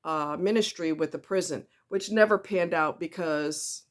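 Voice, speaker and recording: A woman with a lowish voice speaks at a measured pace while telling a personal story in a casual vlog. She's blunt and emphatic, repeating herself for stress and addressing the viewer directly with candid, conversational asides.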